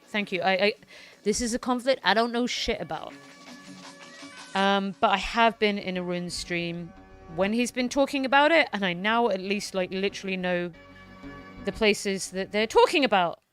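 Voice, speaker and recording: A woman's voice: medium pitch, fairly bright tone, clean tone. A woman streamer chatting casually, cursing freely and sounding out words as she practises them. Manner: casual, swears freely, repeats phrases while learning. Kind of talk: casual chat.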